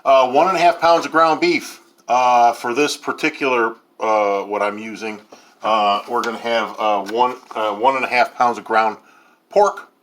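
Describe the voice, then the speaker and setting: A man's voice: medium pitch, fairly even intonation, unhurried, a bit bright, slight background noise. A man in his fifties hosting a casual cooking video, talking in a rambling way with lots of ums and uhs. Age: 50s. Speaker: home cook host.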